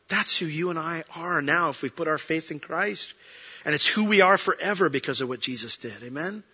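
A man preaching a sermon as a pastor, earnest, swinging between emphatic peaks and soft, quiet moments. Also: fairly high pitch, a little fast, husky, highs cut off.

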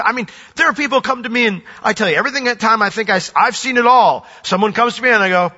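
A pastor preaching a sermon, lively and animated, often acting out voices. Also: male voice, very high voice, fast, few pauses. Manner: animated, acts out quoted voices. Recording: dull recording with long hall reverb.

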